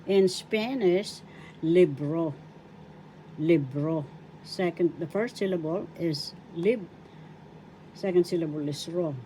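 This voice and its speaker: An older woman from the Philippines with a Filipino accent, teaching a language lesson slowly, spelling out each word by syllables and repeating it. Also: fairly low pitch, mellow, a little hiss or hum, rough recording.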